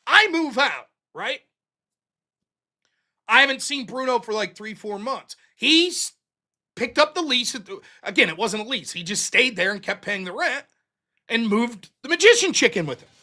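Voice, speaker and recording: Profane, animated American storyteller man. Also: extremely high pitch. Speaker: host. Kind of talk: casual storytelling.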